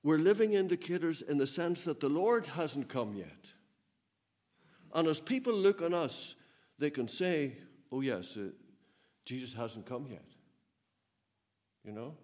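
A man preaching a sermon, swinging between loud emphatic peaks and low, quiet asides, with a chuckle now and then. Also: very animated, unhurried, long pauses. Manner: laughs while telling stories.

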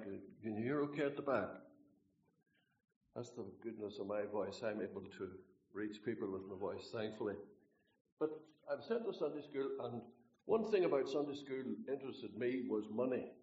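A man's voice: mid-range voice, a little mellow. A Northern Irish man preaching a sermon in a meeting hall, folksy and joking, and emphatic when he reads scripture. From Northern Ireland. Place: meeting hall, speaking away from the mic. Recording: roomy, distant, dull hall recording.

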